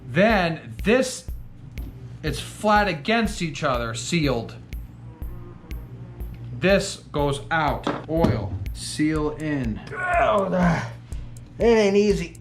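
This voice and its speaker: Slow, swearing woman in a garage. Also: deep voice, big pitch swings, music in the background. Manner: frustrated, swearing, muttering to herself. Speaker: garage vlog host. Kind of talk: casual hands-on repair vlog.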